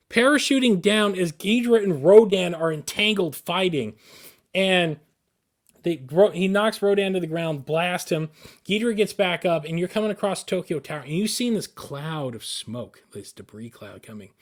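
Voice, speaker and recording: Male podcast co-host, slightly high voice, excitable rambling storyteller who keeps restarting his sentences.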